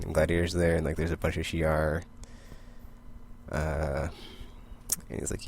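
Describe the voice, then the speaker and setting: Young man with a deep, gravelly voice, rambling comic recap, faint hiss behind. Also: little pitch movement, unhurried, darkish tone. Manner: rambling, filler-heavy retelling with quoted character lines. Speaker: comic book vlogger.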